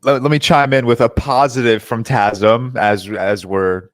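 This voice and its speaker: Man, laid-back podcast chat, joking, mid pitch, dry sound. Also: fairly even intonation, measured pace, no room sound. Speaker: podcast co-host. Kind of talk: casual film review chat.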